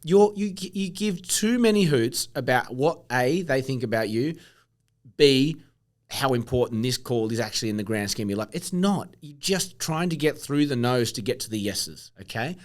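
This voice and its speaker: A middle-aged man hosting a casual solo podcast, blunt and animated, swearing casually as he coaches listeners. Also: mid-range voice, normal speed. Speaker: podcast host.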